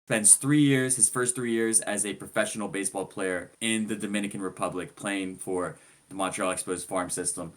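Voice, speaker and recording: A laid-back male co-host runs through a sports story, joking as he goes. His voice sits a little low, and the delivery stays easy and conversational. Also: fairly even intonation, moderate pace. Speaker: podcast co-host. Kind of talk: casual sports chat.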